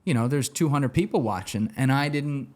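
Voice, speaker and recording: A man's voice: mid-range voice, animated, normal speed, a little mellow. A man telling stories as a podcast guest, in a loose, profane, laughing way. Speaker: guest, former banker turned interviewer. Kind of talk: casual storytelling on a podcast.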